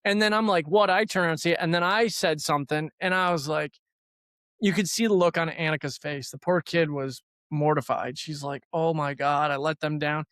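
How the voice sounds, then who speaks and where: A man's voice: fairly high pitch, moderate pace, a bit bright, no echo, studio quality. A middle-aged man hosting a faith-based conversation, telling stories in an earnest, reflective way. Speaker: podcast host.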